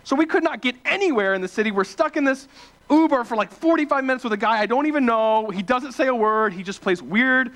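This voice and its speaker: A young man from small-town Ohio giving a casual, animated storytelling sermon, full of fillers and self-deprecating asides. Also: very high-pitched, fairly quick. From small-town Ohio, USA. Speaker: preacher.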